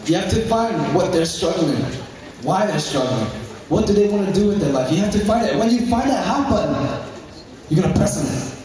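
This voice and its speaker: High-voiced young man, fervent motivational speaker, repeats and shouts, distant mic. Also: sing-song, fairly quick. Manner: fervent, repeats key phrases, bursts into shouts. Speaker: motivational speaker at a business meeting. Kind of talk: motivational speech. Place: large indoor hall with a live audience. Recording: very echoey hall, mic far off, crowd.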